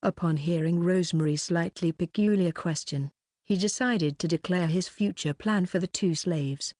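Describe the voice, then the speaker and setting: A woman narrating a fantasy audiobook in a steady, even reading voice. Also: on the low side, normal speed, no echo, clean studio sound.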